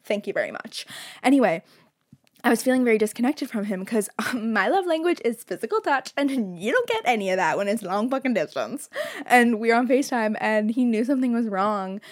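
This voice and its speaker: A woman's voice: a little high, sing-song, a little fast. A young woman hosting a podcast, talking openly and emotionally in a casual monologue, swearing freely and laughing as she talks. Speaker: podcast host.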